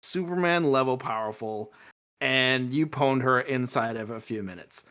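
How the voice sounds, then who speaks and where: A podcast co-host in a casual review chat, ranting in an animated, exasperated way. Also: mid-range voice, moderate pace.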